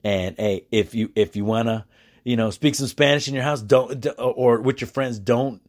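A man talks through a casual solo podcast episode, chatty and animated, often restarting his sentences and breaking into quick laughs. His voice sits at an ordinary middle pitch for a man. He records alone in a quiet house at night. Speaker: podcast host.

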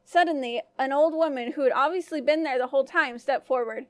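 High-voiced woman narrating a folk tale. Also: a little fast, no echo. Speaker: storyteller. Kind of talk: scripted first-person folk tale narration.

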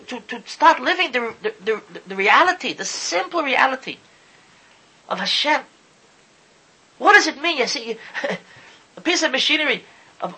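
A man's voice: extremely high pitch, pushed and bright, rough recording. A man giving an impassioned sermon, often stumbling over and repeating his words as he talks. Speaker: Torah speaker. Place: lives in Israel.

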